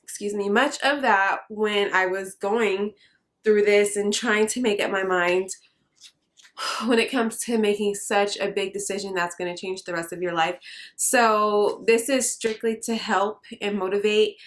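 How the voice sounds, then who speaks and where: A young woman speaks to her viewers in a heartfelt personal vlog. She is earnest and halting, and she pauses often with fillers. Her voice has a middle pitch and sits near tears. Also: steady tone. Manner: earnest, hesitant with many fillers. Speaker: vlogger.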